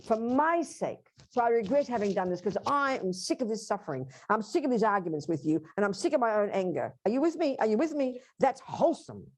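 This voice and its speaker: A woman's voice: on the high side, darkish tone. A woman teaching a Buddhist workshop, speaking emphatically and directly to her audience.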